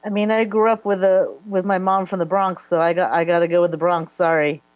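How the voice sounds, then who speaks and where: A woman on a panel chat answers bluntly and jokingly. Her voice sits a little low, and she sounds a bit off from the mic. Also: little pitch movement, brisk, smooth, dull audio. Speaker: panel guest.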